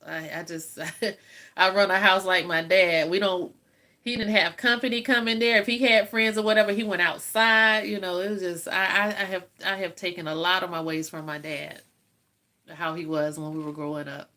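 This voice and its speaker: Woman, 50s, livestream host; bright, forthright voice, folksy chat with frequent laughs. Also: lowish voice, steady tone, moderate pace. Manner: chatty, laughs often, folksy storytelling. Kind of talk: casual live chat with viewers.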